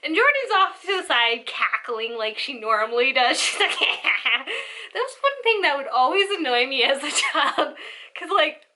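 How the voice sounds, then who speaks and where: A young woman telling a family story in a casual, animated way, acting out the voices of her relatives. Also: sits high, measured pace. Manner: animated, acts out family members' lines. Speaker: storyteller vlogger.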